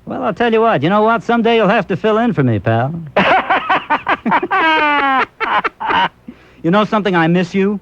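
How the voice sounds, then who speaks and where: A man's voice: sits high, very animated, unhurried, pauses often, a bit bright, a little hiss or hum. A man hosting a call-in radio show, teasing and wisecracking with a caller from the studio. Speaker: talk-radio host. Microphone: studio microphone. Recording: dull lo-fi radio broadcast.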